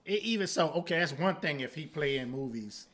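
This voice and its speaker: A man's voice: on the high side, expressive, fairly quick, a bit bright. A man co-hosting a podcast in casual chat, laid-back but argumentative and slangy. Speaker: podcast co-host.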